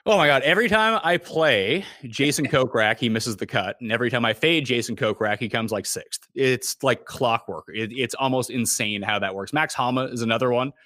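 A man with a Canadian accent, a fantasy golf analyst talking in a casual podcast chat, animated and joking at his own expense. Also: medium pitch, no echo, studio quality. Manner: animated, quick asides and self-deprecating jokes.

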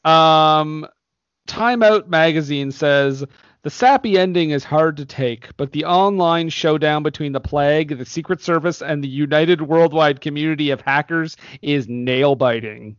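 A man's voice: a little high, measured pace, clean tone, dry recording, muffled recording. A man hosting a casual movie podcast, laughing often as he reads reviews aloud. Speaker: podcast host.

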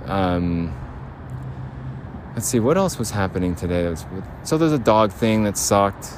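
A man's voice: on the low side, very animated, unhurried. A man rambling through an audio diary while walking in a city park, often laughing. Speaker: podcast host. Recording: faint outdoor street noise.

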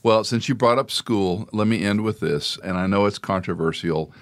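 Middle-aged male pastor-host, very low voice, earnest and folksy in conversation. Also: moderate pace. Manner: earnest storytelling, folksy asides. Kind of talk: conversational interview.

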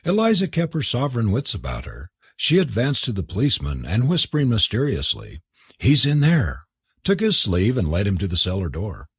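Man narrating an audiobook, husky, animated delivery, dry sound. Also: fairly low pitch, brisk, few pauses, no room sound. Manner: expressive, theatrical reading.

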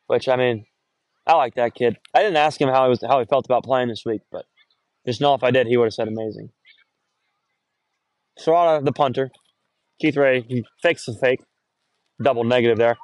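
A young man doing casual, rambling play-by-play of a high school football game outdoors, recorded on a phone, often correcting himself and getting excited on big runs. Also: a little fast, long pauses, no echo. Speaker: play-by-play announcer.

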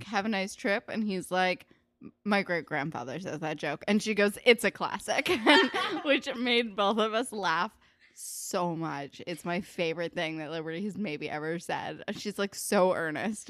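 A woman's voice: lowish voice, clean tone, dry recording. A young woman co-hosting a casual chat, blunt and sweary, with dry asides about the characters. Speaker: podcast co-host recapping a TV episode.

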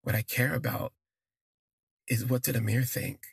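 A man narrates a personal story for his podcast in a relaxed, conversational way. He lingers on his words and drops in fillers as he goes. His voice is gravelly and a little husky, and it sounds close and dry with no room sound. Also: mid-range voice, moderate pace, dry recording.

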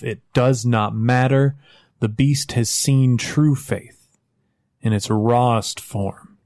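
A man narrating a tabletop game as game master, slow and solemn. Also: lowish voice, a little mellow, dry recording, studio quality.

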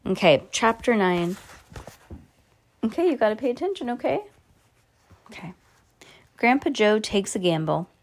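A woman's voice: medium pitch, sing-song, a little slow, pauses often. A woman hosting a podcast, reading a children's book aloud with chatty, playful asides to a child. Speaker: podcast host reading to kids.

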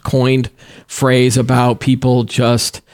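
A man co-hosting a casual news podcast, his pitch sitting at an ordinary middle level. He talks in a loose, chatty way, reading quotes aloud and laughing easily. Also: monotone, slow. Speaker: podcast co-host.

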